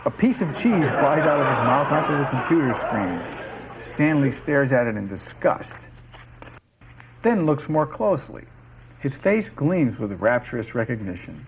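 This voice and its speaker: A man narrating the stage directions of a sitcom script in a steady, descriptive reading. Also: medium pitch, measured pace, noisy background. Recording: music playing underneath.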